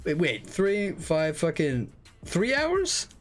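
A young man hosting a live game stream, chatting casually, excitable and swearing freely with rambling restarts. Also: on the high side, slow pace, soft background music.

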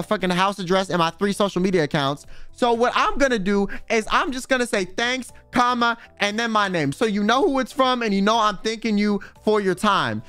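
A man's voice: high-pitched, fairly bright tone, clear, resonant tone, dry recording. A man streaming in a casual chat, rambling and swearing freely, full of filler words. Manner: rambling, profane, full of "like" and "you know".

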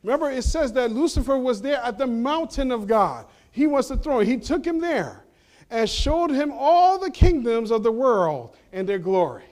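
A male pastor preaching a sermon in a church, asking the congregation rhetorical questions and swinging between loud emphasis and hushed low passages. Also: very animated, moderate pace. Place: church sanctuary.

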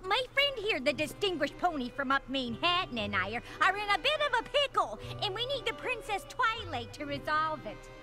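A woman's voice: very high-pitched, very animated, normal speed, few pauses. A woman playing a chatty, pleading provincial delegate pony over cartoon music. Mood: flustered.

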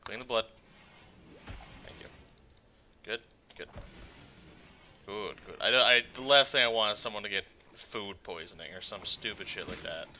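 A man commenting on his gameplay in a very bright, sharp voice. He mutters under his breath much of the time and shouts when something happens. Faint hiss sits behind his microphone. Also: fairly low pitch, moderate pace, pauses often. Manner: muttering to himself, then loud excited outbursts. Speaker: gaming channel host. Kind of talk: casual let's-play commentary.

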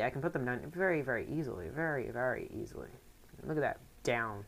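A woman giving casual let's play commentary, rambling with excitable outbursts. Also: extremely low pitch, fast, creaky. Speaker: gaming commentator.

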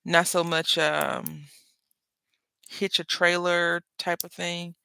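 Crafting host with a bright, forward tone and a dry, close sound. Chatty and rambling, talks while working. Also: medium pitch, little pitch movement, takes it slowly, gravelly, clean tone, no echo. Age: adult with school-age kids. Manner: rambling, chatty, self-interrupting. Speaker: papercraft channel host. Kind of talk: casual chat while crafting.

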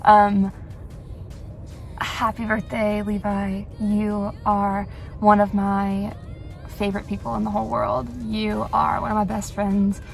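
A woman's voice: mid-range voice, level tone, slow, vocal fry, a little hiss or hum. A young woman recording an earnest birthday message for a friend, searching for the right words.

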